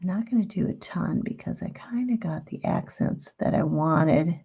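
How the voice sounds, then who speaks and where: A woman's voice: fairly low pitch, moderate pace, mellow, breathy edge, muffled recording. A middle-aged woman hosting a live craft demonstration, chatting in a homey, explanatory way. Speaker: craft show host.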